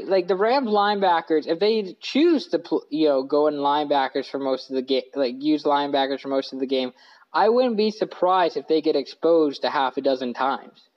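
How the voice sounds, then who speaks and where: A man with a high-sitting voice hosts a laid-back sports podcast from his living room couch, and the sound is lo-fi. He rambles, corrects himself and leans on plenty of filler words.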